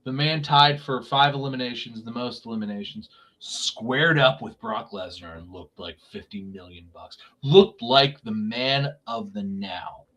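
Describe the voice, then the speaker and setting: A man talks in a loose podcast chat, ranting hard and swearing freely. He pitches up to mock people and then drops back to a grumble. His voice sits at an average pitch for a man. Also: unhurried, few pauses, fairly bright tone. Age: young adult or middle-aged. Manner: profane, ranting, mocks voices. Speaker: podcast co-host. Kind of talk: casual chat. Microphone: remote podcast mic.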